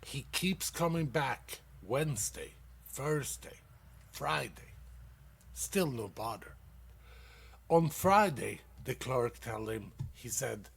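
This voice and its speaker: The man hosting this comedy show has a mid-range, expressive voice that is creaky and husky. He tells dad jokes haltingly and casually, swearing freely, filling gaps with fillers, and cracking up loudly at his own punchlines.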